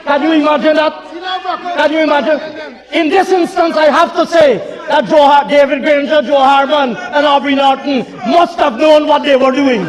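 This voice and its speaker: A man's voice: very high voice, fairly even intonation, normal speed. A man with a Guyanese accent, a government minister giving a heated, taunting parliamentary speech full of repetition. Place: parliament chamber. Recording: long chamber reverb, faint murmuring crowd.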